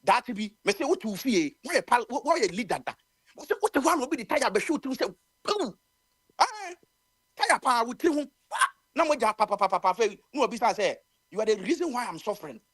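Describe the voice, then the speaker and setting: A radio commentator with a Ghanaian accent holds forth in a heated, rambling way, stumbling over the starts of words. The pitch leaps up and down as the point gets pushed. It sounds close and dry, with no room around it. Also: lively intonation, fast talker, a bit bright, breathy edge, no room sound. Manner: heated, mixes English and Twi, many stammered restarts. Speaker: radio talk show commentator. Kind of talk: impassioned call-in radio commentary.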